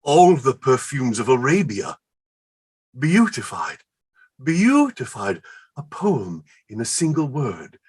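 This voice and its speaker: A man reading the part of an excitable, word-smitten Elizabethan poet in a staged play reading, rhapsodic and quick to laugh. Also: mid-range voice, slightly rough, full character voice. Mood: alarmed.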